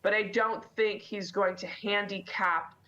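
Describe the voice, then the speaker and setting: A woman answering interview questions in an articulate, steady way. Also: mid-range voice, unhurried, muffled recording. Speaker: interview guest.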